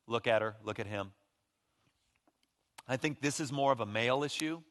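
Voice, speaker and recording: A man preaching a sermon as pastor, animated, acting out the voices of the people he quotes. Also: mid-range voice, normal speed, long pauses. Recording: long reverb of a large hall.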